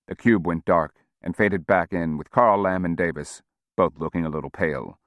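A man reading a novel aloud as narrator, with an expressive delivery. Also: deep voice, normal speed, dry recording, clean studio sound. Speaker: audiobook narrator.

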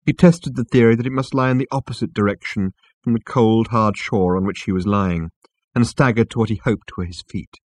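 A man narrating a storybook chapter in a slow, measured, dramatic reading. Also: fairly low pitch, a little mellow, no echo. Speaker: audiobook narrator. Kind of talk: scripted narration.

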